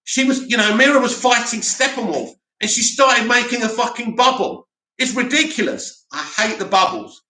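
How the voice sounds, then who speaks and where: A man's voice: extremely high pitch, lively intonation, moderate pace, sharp tone, echoey room, low-quality recording. A man hosting a live stream, answering chat messages with blunt, opinionated rants.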